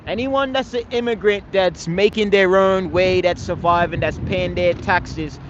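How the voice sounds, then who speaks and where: A man's voice: high voice, steady tone, unhurried, muffled recording, a little hiss or hum. A man speaking in an outdoor park debate, emphatic and casually profane, who keeps pressing listeners with "you understand, man?". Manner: swears casually. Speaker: street speaker at a public speaking corner.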